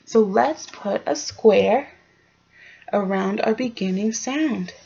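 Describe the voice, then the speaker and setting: A young woman teacher leads a slow, careful phonics lesson, drawing out each letter sound. She checks in with the children, praising them as she goes. The recording of her online class is a little dull. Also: medium pitch, vocal fry, dark tone, slightly rough. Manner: sounds out letters, frequent encouraging questions. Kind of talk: slow, clear early-grade phonics lesson. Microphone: home recording for online class.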